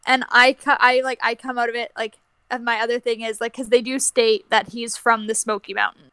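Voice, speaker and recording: A woman's voice: fairly high pitch, flat delivery, a little fast, sharp tone, clean tone, no room sound, studio quality. A woman chatting casually about a film on a remote call, full of "like" and the odd swear word. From Canada. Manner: chatty, peppers speech with "like", swears freely. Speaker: podcast co-host.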